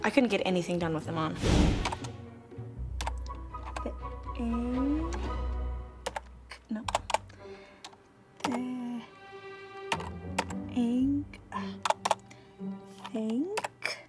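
A woman's voice: on the high side, lively intonation, drawn-out words, long pauses, over loud music. An actress playing an impatient young woman who sounds exasperated. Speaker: character in a comedy series.

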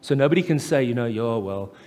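A man with a South African accent preaching a live sermon as pastor, impassioned and rising to loud, emphatic peaks. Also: mid-range voice, animated, fairly quick. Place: church hall, live. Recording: echoey church hall with faint music.

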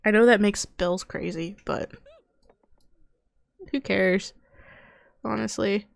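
Young woman, gaming commentary, slow unhurried talk, gravelly fry, dry close sound. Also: mid-range voice, fairly even intonation, dry recording. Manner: chatty, talks to her game characters, mutters to herself. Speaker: gaming youtuber. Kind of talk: casual let's-play commentary.

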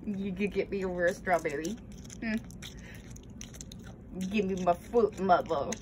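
A woman's voice: on the low side, a little slow, background noise. A woman talking to her pet genet in teasing, coaxing baby talk. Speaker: exotic pet owner.

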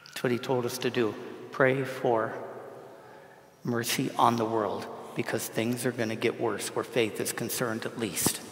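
A man's voice: medium pitch, vocal fry. A male priest giving an informal homily at Mass, talking conversationally, repeating himself and asking the congregation questions. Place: large church. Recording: echoey church with long reverb.

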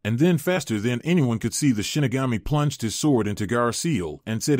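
Steady male fan-fiction narrator. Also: mid-range voice, brisk, no echo, studio quality.

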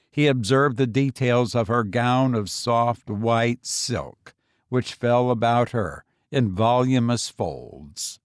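A man reading a short story aloud as an audiobook narrator, measured and deliberate. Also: medium pitch, no room sound, clean studio sound.

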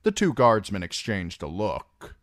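A man reading a novel chapter aloud as narrator, slow and expressive. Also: on the low side, no room sound, clean studio sound. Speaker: audiobook reader. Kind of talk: storybook narration.

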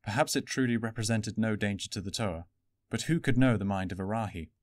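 A man narrating a fantasy adventure story in an even, steady storytelling manner. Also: lowish voice, no room sound, studio quality. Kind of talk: audiobook fan reading.

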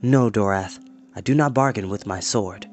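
A man's voice: fairly low pitch, normal speed, pitched below the performer's own voice, natural voice. A man reading an earnest young hero. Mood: resolute. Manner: firm, earnest, formal speech. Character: earnest young male hero, steady and firm.

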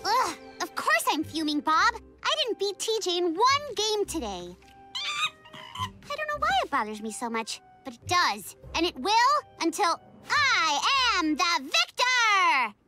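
A woman's voice: extremely high pitch, sing-song, a little slow, hardly any pauses, loud music behind the voice, exaggerated voice. An actress voicing an earnest, easily frustrated young superhero girl in a cartoon.

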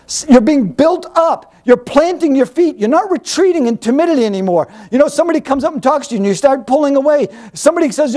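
A man preaching a sermon as Bible teacher, animated and emphatic, piling up rhetorical questions and repeated phrases. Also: very high voice, fast, hardly any pauses.

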